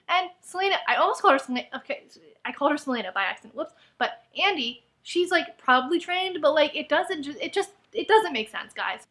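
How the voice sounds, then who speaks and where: A woman's voice: high voice, sharp tone. A woman ranting in a book review vlog, exasperated and full of "like.". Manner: exasperated, heavy use of "like".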